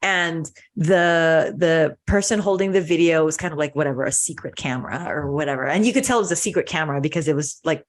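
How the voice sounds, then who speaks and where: A woman's voice: sits low, brisk, hardly any pauses. A woman hosting a podcast in casual chat, earnest and gushing, often restarting her sentences. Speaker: podcast host.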